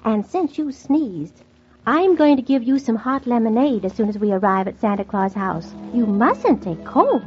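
A woman's voice: on the high side, expressive, moderate pace, darkish tone, dull audio, soft background music, natural voice. A woman playing a fussy, motherly knitting woman in a 1940s radio play, fretting and exclaiming over a runaway elf. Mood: relieved. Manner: fretful, fussing and exclaiming. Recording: scratchy old radio transcription.

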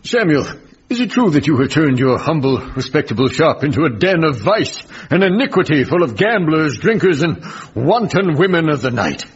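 An actor playing a theatrical, self-pitying husband who speaks in grandiose phrases in a radio comedy. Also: male voice, a little high, very animated, moderate pace, husky, full character voice. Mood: pompous. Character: pompous, self-pitying idle young husband. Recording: muffled recording.

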